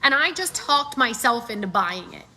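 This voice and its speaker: A middle-aged woman giving casual sales coaching, animated and acting out customer voices as she talks. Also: fairly high pitch, moderate pace. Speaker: sales trainer.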